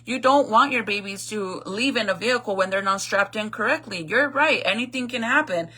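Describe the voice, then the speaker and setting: A woman's voice: medium pitch, fairly quick, sharp tone, husky. A woman talking straight to her viewers in casual storytime commentary, blunt and chatty, swearing freely as she retells a family dispute. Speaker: vlogger retelling a viral video.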